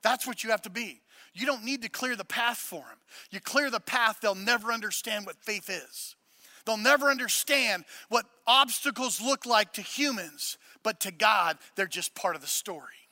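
A man preaching a sermon, mixing casual joking asides with loud, emphatic preaching. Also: sits high, normal speed, no room sound, clean studio sound. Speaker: pastor.

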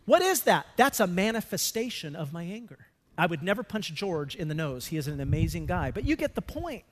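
A man preaching a sermon as a pastor, animated and swinging between loud emphasis and hushed asides. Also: high voice. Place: church sanctuary. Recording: long reverb of a church hall.

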